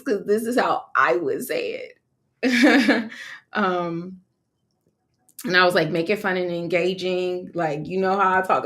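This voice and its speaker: A woman's voice: on the low side, slow pace, a bit bright. A young woman from California, an online course creator, talking casually on a live stream, chatty and slangy, laughing often.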